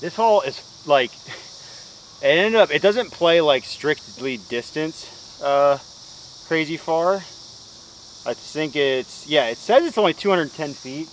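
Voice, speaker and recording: Taking it slowly, a man with a slightly high, expressive voice chats through a round of outdoor disc golf, explaining each throw in an upbeat, self-deprecating way. The low-quality recording has slight background noise.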